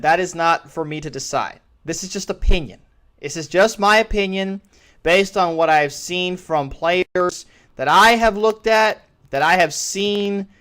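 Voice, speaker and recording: A man's voice: high-pitched, fairly bright tone, clean tone. A man hosting a solo sports talk show, giving his opinions in a rambling way and often restarting phrases. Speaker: podcast host.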